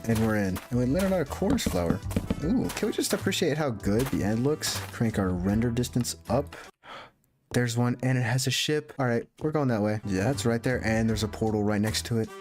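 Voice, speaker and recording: A man giving casual, excitable commentary to himself as he plays a video game. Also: mid-range voice, fairly quick. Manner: chatty, excitable self-talk while playing. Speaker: gaming YouTuber. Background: background music.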